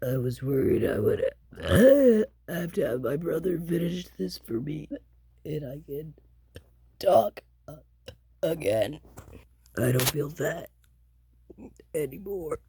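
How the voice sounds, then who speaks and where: A woman's voice: deep voice, lively intonation, takes it slowly, vocal fry, pauses often, mellow. A woman talking to camera in a rambling, playful burping vlog, drifting into sing-song bits. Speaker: vlogger.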